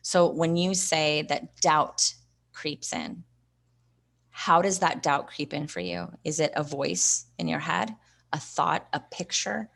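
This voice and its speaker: A woman's voice: sits low, takes it slowly, vocal fry, a bit bright. A woman hosting a live online training, coaching viewers and reading their comments aloud in an encouraging way. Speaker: host and investing coach.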